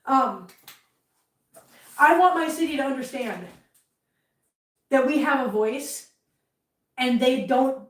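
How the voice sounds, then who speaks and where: A woman's voice: high-pitched, lively intonation, takes it slowly, long pauses, distant mic. A middle-aged woman hosting a casual livestream from home, chatting and venting heatedly in a rambling way. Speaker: livestream host. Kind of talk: casual live chat while cleaning. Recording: roomy, from off-mic.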